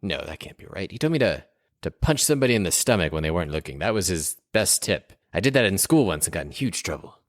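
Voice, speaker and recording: Young male tabletop player, low voice, swings wide, exasperated and whiny, dry close mic. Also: sing-song, quick pace, dry recording. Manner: whiny, exasperated, jumps to high squeaks. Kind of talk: in-character tabletop play and narration.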